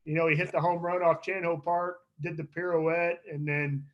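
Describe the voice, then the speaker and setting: A man's voice: on the high side, flat delivery, normal speed. Chuckling middle-aged man on a lo-fi call. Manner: rambling, with frequent chuckles and restarts. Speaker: former pitcher, guest. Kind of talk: casual storytelling interview.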